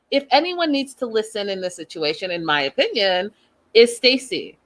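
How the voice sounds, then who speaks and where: A woman's voice: medium pitch, sing-song, normal speed, fairly bright tone. A woman hosting a casual reality TV recap, chatty and opinionated, talking straight to her viewers. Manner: chatty, addresses viewers directly, lots of "like"; opinionated, thinks aloud. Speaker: host.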